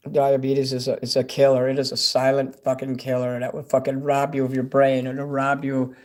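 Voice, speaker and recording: Speaking in a mid-range monotone at a moderate pace, the older livestream host sounds a little mellow. He meanders through casual chat, curses without restraint and responds to what viewers write.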